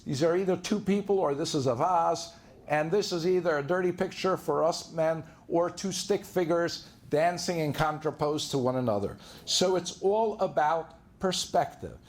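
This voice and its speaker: A man's voice: on the high side, moderate pace. A man giving a talk on handling conflict, earnest and anecdotal, who often repeats words and restarts. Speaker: divorce lawyer giving a talk. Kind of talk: storytelling lecture.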